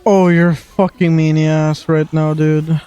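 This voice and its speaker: A streamer doing casual live gaming commentary, reacting loudly and swearing while playing. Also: mid-range voice, little pitch movement, unhurried, clear, resonant tone, highs cut off, soft background music.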